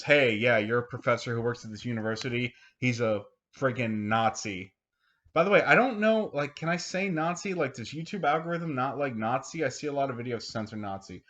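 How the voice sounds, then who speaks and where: A man giving a casual, sarcastic book review, animated and swearing freely. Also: medium pitch, muffled recording.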